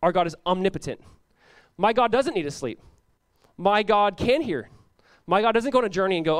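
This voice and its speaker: High-voiced animated young male pastor. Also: brisk, clean tone, no room sound. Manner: casual, animated preaching with frequent "like" and laughs. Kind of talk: sermon.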